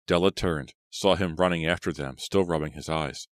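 Male audiobook reader, horror story, extremely deep voice, steady and measured, dry close sound. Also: no echo. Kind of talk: scripted horror audiobook narration.

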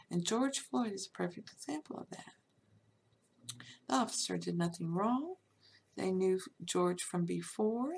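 A woman delivers an off-the-cuff monologue in a gravelly, raspy voice. She is emphatic and rambling, scattering "you know" throughout, and often turns scolding. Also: medium pitch, a little mellow. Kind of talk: unscripted monologue.

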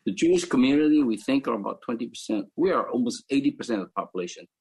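An older man from the Philippines, calmly telling his life story as a panel speaker. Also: mid-range voice, rapid-fire, slightly rough, rough recording. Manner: reflective, matter-of-fact storytelling. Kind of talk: personal storytelling.

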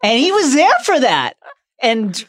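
Joking, riffing man with lively pitch. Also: unhurried, no room sound, clean studio sound, soft background music. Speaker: podcast co-host. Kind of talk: casual podcast chat.

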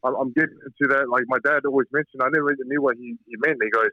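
Fast-talking boxer on a phone line. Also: male voice, medium pitch, fairly even intonation, dry recording. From New Zealand. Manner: earnest, talks quickly with frequent restarts. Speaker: professional boxer, interview guest. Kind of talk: casual phone interview. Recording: tinny, dry phone line.

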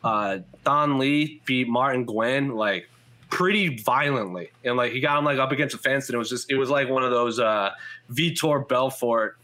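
A man talks casually on a podcast, filling his speech with little fillers as he runs through a list of upcoming fights. His voice is bright and ringing. He sits at a microphone with headphones on. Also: medium pitch. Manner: rambling, quick lists of fights with many fillers. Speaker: MMA podcast host. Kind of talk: casual chat. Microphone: headphones and studio mic.

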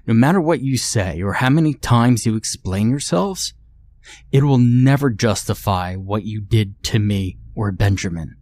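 A man's voice: fairly low pitch, slow pace. A man playing a bitter, betrayed husband. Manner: curt, demanding outbursts.

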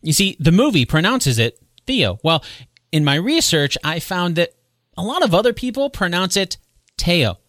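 A man hosting a solo podcast, retelling history in a conversational way with quick asides and self-corrections. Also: high-pitched, big pitch swings, a bit bright, no echo, clean studio sound. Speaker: podcast host. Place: home recording space.

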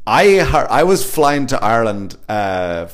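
A man's voice: mid-range voice, measured pace. A man hosting a casual podcast chat, telling stories with lots of swearing and acted-out voices. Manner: animated storyteller, swears freely, acts out voices.

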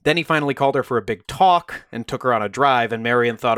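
A man's voice: mid-range voice, fast talker, hardly any pauses, a bit bright, clear, resonant tone, no echo, studio quality. A man co-hosting a podcast, telling a true crime story in a casual, conversational way and briefly acting out the quoted voices.

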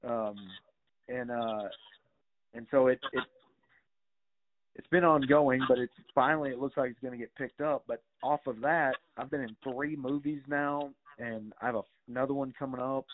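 With a steady tone, medium pitch and normal speed, a middle-aged man casually tells stories as a guest, rambling, filler-heavy and sometimes profane. The recording is tinny, like a phone line.

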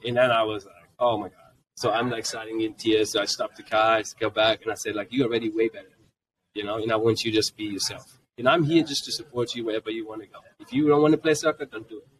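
A man in his forties with a German accent, a guest on a podcast, telling family stories in a lively, casual way and acting out what his kids said. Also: fairly low pitch, fast talker. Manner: animated, jumps into quoted voices of his kids. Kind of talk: casual storytelling. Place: convention podcast booth. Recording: voice a bit distant from the mic.

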